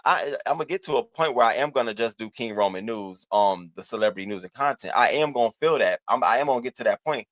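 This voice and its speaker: A man's voice: mid-range voice, animated, quick pace, few pauses, fairly bright tone, dry recording. A man hosting a live stream, giving sassy, profane commentary and calling out viewers in the chat by name. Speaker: livestream host.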